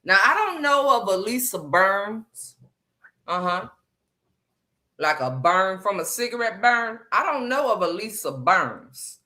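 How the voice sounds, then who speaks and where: This live stream host speaks in a lowish, expressive voice, bright and forceful, at a measured pace. With a lilt, she holds court in sassy, gossipy commentary, drawing out words and tossing asides to viewers.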